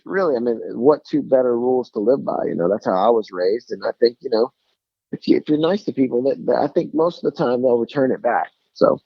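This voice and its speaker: Male guest on a call-in, husky, dry, lo-fi line, earnest rambler. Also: medium pitch, a little fast, no room sound. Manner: rambling, earnest, peppered with "you know" and "like". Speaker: guest calling in. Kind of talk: casual phone interview. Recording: dull lo-fi phone call.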